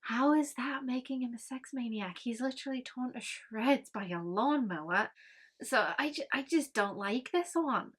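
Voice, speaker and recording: A woman's voice: a little high, moderate pace, fairly bright tone, breathy edge. A woman gives a casual spoken book review, chatty and rambling with many ums and frank grumbles.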